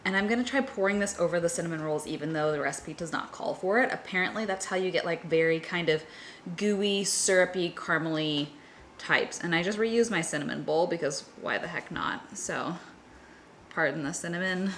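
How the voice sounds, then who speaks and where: Chatty young woman, slightly low voice. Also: brisk, fairly bright tone, a little hiss or hum. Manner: chatty, upbeat, self-deprecating. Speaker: vlogger. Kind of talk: casual chat while baking. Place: home kitchen.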